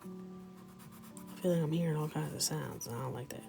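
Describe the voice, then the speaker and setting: A woman in her thirties chatting in a mostly whispered, joking way while coloring, with sudden loud shouts. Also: low-pitched, moderate pace, gravelly, faint music behind. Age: 30s. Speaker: coloring livestreamer. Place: small closet with a ring light.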